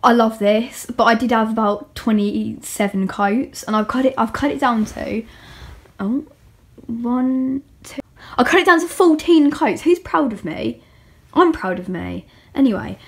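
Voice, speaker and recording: A young woman vlogger chatting casually and rambling as she shows off her bedroom, with many fillers and giggles. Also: a little high. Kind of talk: casual room tour.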